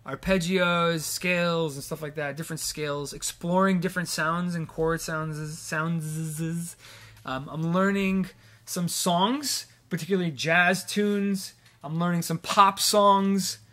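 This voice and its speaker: A man's voice: a little high, fairly bright tone. A man live-streaming from his home studio, chatting casually at the piano and reading out viewer comments. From Massachusetts.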